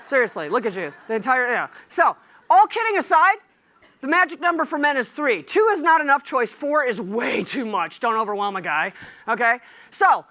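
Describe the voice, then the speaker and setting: A middle-aged woman giving a conference keynote, lively and joking with the audience. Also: fairly high pitch, normal speed. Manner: lively and animated, humorous asides to the audience. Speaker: keynote speaker.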